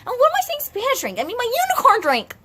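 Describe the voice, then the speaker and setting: A woman's voice: very high voice, huge pitch swings, fast talker, pushed and bright, slight background noise, pitched above the performer's own voice, exaggerated voice. A woman doing a whiny, grumpy young student. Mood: annoyed. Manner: whiny, complaining, rambling.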